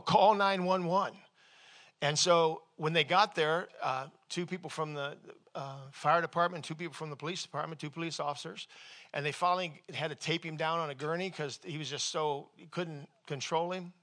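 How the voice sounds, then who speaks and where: A male pastor preaching a sermon, telling a personal story in a conversational, animated way with frequent restarts. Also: fairly high pitch.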